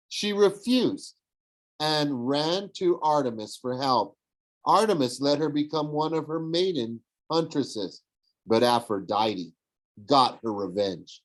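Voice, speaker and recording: A man's voice: fairly high pitch, pitched above the performer's own voice, rough recording. A man voicing a smug, sneering young villain who mocks and tempts. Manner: sneering, mocking. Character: smug young male villain, mocking and persuasive.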